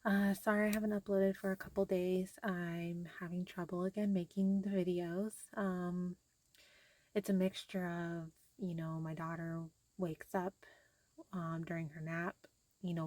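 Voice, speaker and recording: Tired young mom rambling to camera. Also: female voice, on the low side, flat delivery, moderate pace, darkish tone, dry recording. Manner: rambling, frequent fillers. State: tired and frustrated. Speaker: vlogger. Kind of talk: casual talk to camera.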